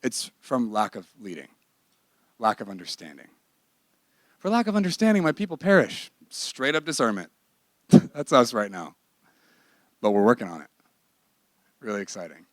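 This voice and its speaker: A man's voice: lowish voice, no echo. Dry, emphatic male ministry teacher. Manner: emphatic and candid, with bursts of laughter. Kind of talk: conversational sermon-style teaching.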